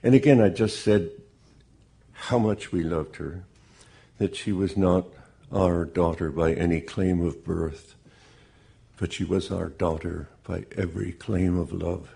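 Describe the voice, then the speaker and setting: Deep gravelly man telling slowly. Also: steady tone, warm tone. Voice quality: gravelly, husky. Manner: slow, measured, deeply earnest. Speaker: bereaved father giving testimony. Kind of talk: personal storytelling testimony.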